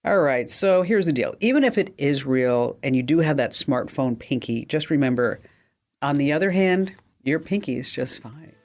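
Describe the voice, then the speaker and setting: A woman hosting a tech call-in radio show, animated and jokey, with a slight New Jersey accent. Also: normal speed. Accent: semi-New Jersey. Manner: animated, jokey, big pitch swings. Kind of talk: lively call-in radio chat.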